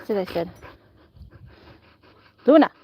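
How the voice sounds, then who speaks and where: A woman's voice: slow pace, muffled recording, a little hiss or hum. A woman vlogging outdoors near woods, playfully giving commands to dogs. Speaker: vlogger, dogsitter. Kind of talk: casual vlog talk to dogs.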